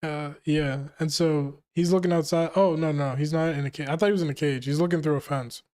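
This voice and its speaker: A man's voice: fairly high pitch, fairly even intonation, fairly quick, mellow. A young man hosting a casual manga reaction, reading the dialogue aloud and breaking off to joke and laugh.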